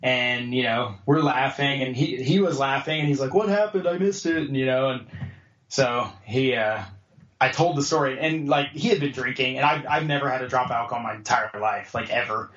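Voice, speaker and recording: A man's voice: medium pitch, moderate pace, a bit bright. A man guest on a podcast telling a story casually, acting out other people's lines in a raised voice. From United States. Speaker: podcast guest, jiu-jitsu black belt. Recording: roomy, slightly dull podcast audio.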